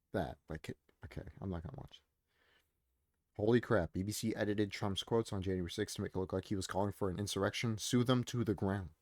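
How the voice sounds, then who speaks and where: Lower-pitched man reacting casually to posts. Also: darkish tone, no echo. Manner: rambling, filler-heavy, reading posts aloud. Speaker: commentary streamer.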